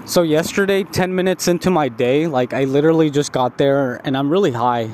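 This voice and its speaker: A young man, high as he talks, tells a long, rambling story full of "like" and swearing. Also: fairly quick, background noise. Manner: repetitive, profane, full of "like" fillers. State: stoned.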